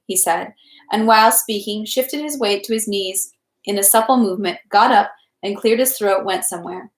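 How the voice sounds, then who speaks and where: A woman reading a novel aloud at home, in a measured, unhurried way. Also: mid-range voice. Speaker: audiobook reader. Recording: echoey room.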